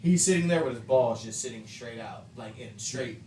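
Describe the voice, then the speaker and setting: A man's voice: medium pitch, normal speed, dark tone. A man co-hosting a casual chat, animatedly retelling a story with swearing and laughter. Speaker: co-host. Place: room during a painting stream. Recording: roomy, distant mic, faint noise.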